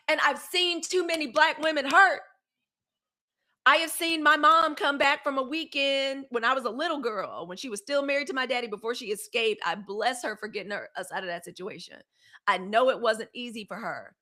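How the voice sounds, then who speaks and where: Woman host, fiery emphatic livestream commentary, bright and somewhat high. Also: moderate pace. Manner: fiery and emphatic, with repeated phrases and AAVE slang. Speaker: host of a live news commentary show.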